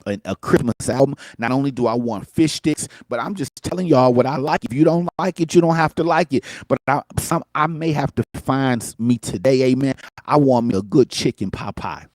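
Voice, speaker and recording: A man delivers an upbeat motivational talk in the rolling manner of a preacher, tossing in "amen" and calls to talk back. His voice sits in a middle pitch. The recording is dry and close, with no room sound. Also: brisk, few pauses, darkish tone, no room sound. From Michigan. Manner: call-and-response, peppered with "amen" and "talk back to me". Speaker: motivational show host.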